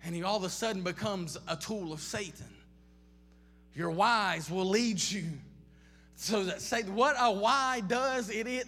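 A man's voice: high voice, fairly bright tone. A man preaching a sermon, impassioned, piling up repeated questions and restarting phrases. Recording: long reverb of a large hall.

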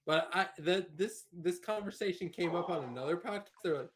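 A man's voice: high voice, expressive, a little fast, hardly any pauses, noisy background. A man in his late twenties hosting a casual podcast, telling stories bluntly and swearing often. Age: late 20s. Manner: profane, blunt storytelling. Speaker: podcast host.

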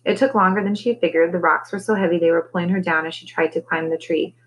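A woman teacher reading a novel aloud to her class, relaxed, with conversational asides between chapters. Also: lowish voice, fast, a little hiss or hum, poor audio.

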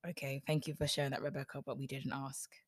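A woman's voice: a bass voice, flat delivery, fast, slightly rough. A woman reading a Bible story aloud and stopping to make wry, joking comments. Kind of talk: storytelling with sarcastic asides.

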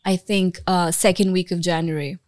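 A woman's voice: lowish voice, steady tone, normal speed, darkish tone, dry recording, studio quality. A young woman from India, a podcast guest chatting casually and laughing often. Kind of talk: casual chat. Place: podcast studio.

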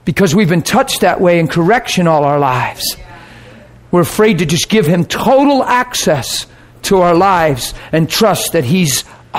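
A man preaching, telling a personal story in an animated way and dropping to a soft voice for quoted words. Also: fairly high pitch. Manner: animated storyteller, acts out quoted voices, laughs and gets emotional. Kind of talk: sermon storytelling.

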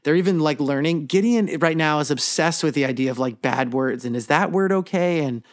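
A man in his thirties co-hosts a casual podcast. His voice sits a little high, and he tells his stories in an animated way, often laughing as he goes. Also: a little fast. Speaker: podcast co-host. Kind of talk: casual chat.

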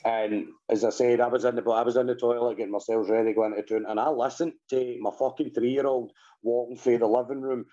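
A Scottish man in his thirties hosting a casual chat, sweary and quick to laugh as he tells stories. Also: mid-range voice, flat delivery, mellow. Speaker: podcast host. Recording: dull lo-fi sound.

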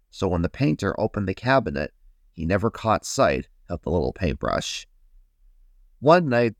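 A man hosting a podcast, reading a children's story aloud in a gentle, guiding way. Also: fairly low pitch, no echo, studio quality. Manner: gentle, slow, guiding listeners. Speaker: host and storyteller.

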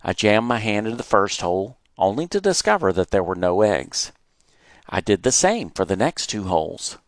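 A man reading his childhood memoir aloud, animated and acting out the moments he retells. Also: on the low side, normal speed, dry recording, studio quality. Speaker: storyteller.

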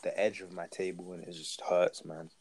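A man's voice: low-pitched, flat delivery, normal speed, creaky, darkish tone, a little hiss or hum. A young man co-hosting a casual podcast, laid-back and slangy with lots of "like". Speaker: podcast co-host. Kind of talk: casual chat.

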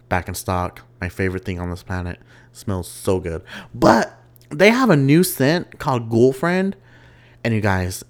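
A young man hosting a casual solo podcast, chatty and quick to laugh as he tells stories. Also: fairly low pitch. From West Texas. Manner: chatty, giggly, animated storytelling. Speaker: podcast host.

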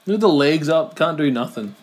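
A man with an Australian accent co-hosting a casual wrestling watch-along podcast, giving relaxed running commentary. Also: a little high, a little fast. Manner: relaxed running commentary with sighs and mild oaths. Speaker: podcast co-host.

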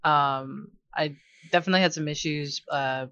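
A woman's voice: deep voice, steady tone, normal speed, a bit bright, clear, resonant tone, dry recording. A young woman chatting casually as a guest, telling stories with lots of fillers and laughter. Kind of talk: casual chat. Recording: dull lo-fi dry sound.

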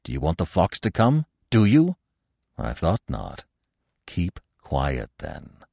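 Wise old storybook stag, read by a man: low, grave, gently commanding, dry close sound. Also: wildly swooping pitch, moderate pace, no echo. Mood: grave warning. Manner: gentle, stern commanding murmur.

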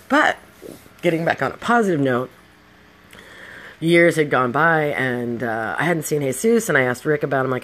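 Middle-aged podcast host, casual storyteller, blunt and swears freely, mid-range pitch. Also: expressive, normal speed, a bit bright. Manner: blunt and profane, with heated outbursts.

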